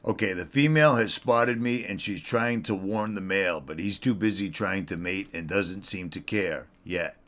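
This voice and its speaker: A man's voice: low-pitched, moderate pace, hardly any pauses, a bit bright. A man filming wildlife outdoors on a windy, snowy mountainside, speaking with his face right against the camcorder's mic and tossing in wry, self-mocking jokes. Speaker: wildlife videographer. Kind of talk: on-the-spot wildlife vlog commentary. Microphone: camcorder mic held very close to the face.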